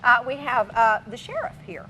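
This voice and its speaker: Middle-aged woman co-host, playful teasing chat, studio, bit of low rumble underneath. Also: sing-song, normal speed, bright, forceful tone. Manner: chatty, playful teasing, frequent ums. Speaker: TV talk show co-host.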